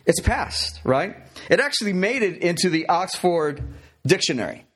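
Male pastor, lively and chatty sermon, a touch high-pitched. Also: normal speed, husky. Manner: chatty, many fillers and restarts, playful. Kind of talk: conversational sermon.

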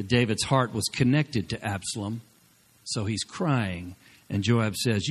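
Male pastor preaching, fired up, loud then hushed asides. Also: medium pitch, moderate pace. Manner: energetic, exhorting the congregation, swings between loud bursts and quiet asides. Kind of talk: sermon.

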